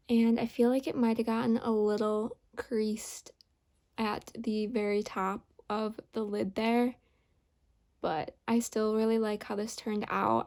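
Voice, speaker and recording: A woman narrates a makeup tutorial in an unhurried, step-by-step way. Her voice sits a little high, with a lot of vocal fry. She talks slowly and evenly as she explains each step. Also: warm tone. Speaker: beauty vlogger.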